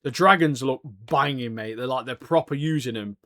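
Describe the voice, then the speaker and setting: A man's voice: mid-range voice, normal speed, fairly bright tone. A young man, co-hosting a podcast in casual chat, laddish and calling everyone mate. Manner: laddish, swears, says "mate" a lot. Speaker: podcast co-host.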